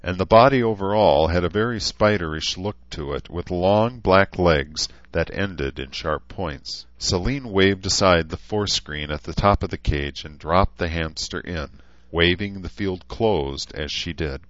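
A man reading a novel aloud as an audiobook narrator, steady and even. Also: low voice, unhurried, no room sound. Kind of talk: scripted narration. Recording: dull, lo-fi, dry.

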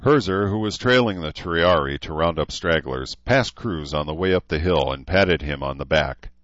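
A man reading an audiobook in a steady, measured way, on a dull, dry recording. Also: rumbling low, dry recording. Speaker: audiobook narrator. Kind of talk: scripted narration.

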